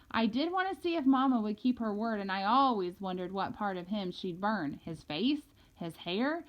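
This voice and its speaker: A woman reading a first-person novel aloud in a lively, casual storytelling manner. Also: fairly high pitch. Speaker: audiobook reader. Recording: dull lo-fi recording.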